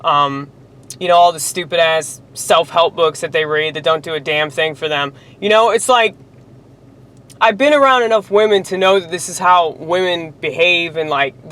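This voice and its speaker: A woman's voice: on the low side, a bit bright. Heated, profane woman ranting. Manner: profane, heated, rambling with fillers. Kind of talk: angry monologue rant.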